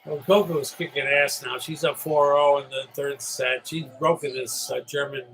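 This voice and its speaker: A man's voice: fairly high pitch, steady tone, moderate pace, fairly bright tone, a little hiss or hum, low-quality recording. A middle-aged man from upstate New York hosting a solo live stream, rambling and chatty after a few drinks. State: slightly tipsy.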